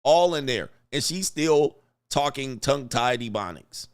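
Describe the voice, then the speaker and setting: A man's voice: mid-range voice, lively intonation, unhurried, clear, resonant tone. A man hosting a livestream reaction commentary, talking in a blunt, mocking way and chuckling often. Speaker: commentary host.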